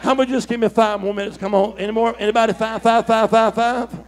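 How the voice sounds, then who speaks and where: A middle-aged male preacher telling a story in a fiery sermon, calling for shouts and whooping. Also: high voice, level tone, quick pace. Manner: call-and-response, shouting, whooping.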